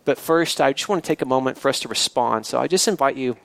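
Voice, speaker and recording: Male pastor preaching; conversational, middle-pitched, with asides. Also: fast talker, creaky, a bit bright, no room sound. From rural area. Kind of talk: sermon.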